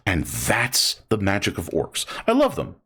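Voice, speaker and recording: A young man talks casually on his livestream, rambling from one thought to the next. His voice sits fairly low but swings widely, and he jumps into high, silly voices for the jokes. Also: huge pitch swings, a little slow, vocal fry, sharp tone, husky. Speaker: streamer building model kits.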